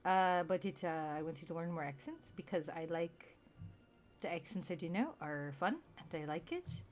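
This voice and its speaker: A man's voice: a little high, expressive, moderate pace, faint music behind. A man from Texas streaming a game, chatting in a rambling, self-mocking way and laughing often. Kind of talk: casual chat while gaming.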